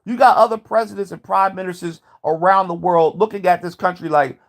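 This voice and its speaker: A man's voice: sits high, a little fast, gravelly, hardly any pauses. Heated, profane man ranting to camera. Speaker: vlogger. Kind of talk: ranting commentary.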